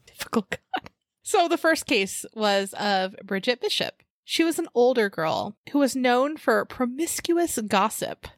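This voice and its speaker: A woman's voice: on the high side, big pitch swings, a little slow, few pauses, dry recording, studio quality. A young woman co-hosting a podcast, reading history notes with casual asides and frequent laughs. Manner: chatty, laughs often, reads notes with asides. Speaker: podcast co-host. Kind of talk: casual chat and read history.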